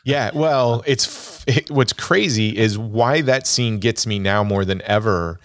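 A man's voice: lowish voice, unhurried, a bit bright. A man chatting casually as a podcast co-host about films, telling stories with emotion and animation. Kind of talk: casual film discussion.

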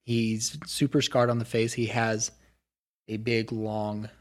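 A man's voice: on the low side, completely flat delivery, takes it slowly. A man running a tabletop game as game master, narrating casually with lots of filler words.

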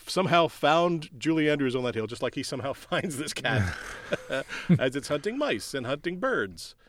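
Animated laughing podcast host. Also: male voice, on the high side, normal speed. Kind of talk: casual chat.

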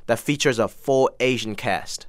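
A man's voice: medium pitch, moderate pace, no room sound, clean studio sound. A young adult man from China, a comedian and actor, chatting as an interview guest and acting out quoted people as he tells his stories. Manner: animated storyteller, acts out quoted tweets. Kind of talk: casual interview chat.

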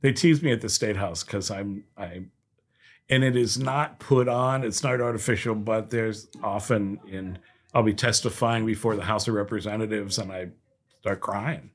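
A man from Ohio, a guest leading a nonprofit, speaking in a heartfelt, halting way with many fillers in a casual interview. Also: fairly low pitch.

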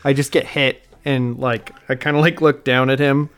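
A man's voice: mid-range voice, fairly even intonation, moderate pace, a bit bright, smooth. A man playing in a tabletop game, chatting in a laid-back, playful way. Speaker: player. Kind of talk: casual game table chat.

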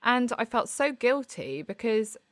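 A woman's voice: a little high, big pitch swings, a little slow, fairly bright tone. A woman co-hosting a casual chat, speaking candidly and reflectively, often restarting her sentences.

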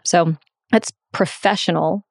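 A woman's voice: lowish voice, fairly even intonation, slow pace, creaky, no room sound, clean studio sound. A woman in her thirties from the United States, a guest coach talking openly and reflectively in an interview, often restarting her sentences. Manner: open, reflective, many restarts. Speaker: guest, sex and relationship coach. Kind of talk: candid interview conversation.

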